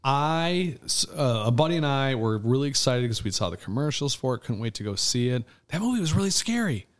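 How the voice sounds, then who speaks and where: A man's voice: medium pitch, brisk. A man chatting casually as a podcast co-host, telling stories animatedly with fillers and restarts. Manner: animated storytelling, trails off with fillers. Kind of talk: casual chat.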